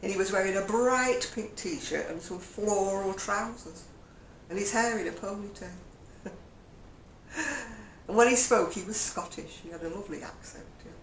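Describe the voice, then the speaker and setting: An older woman with a mid-range voice chats at a moderate pace in her crochet vlog, telling stories and chuckling often. The talk is casual, and the room sounds echoey with a faint hum underneath.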